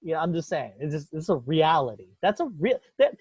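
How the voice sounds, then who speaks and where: A man's voice: on the high side, expressive, a little fast, darkish tone, husky, dry recording. A man hosting a podcast, talking in a profane, heated, rambling way. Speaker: podcast host. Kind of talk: casual opinionated chat. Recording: dull lo-fi dry recording.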